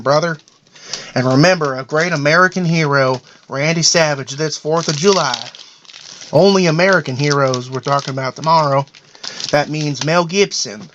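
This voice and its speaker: A man's voice: a little high, noisy background, natural voice. A man voicing a paranoid, boastful middle-aged cartoon dad in a rambling, self-important comedic monologue. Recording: dull lo-fi audio.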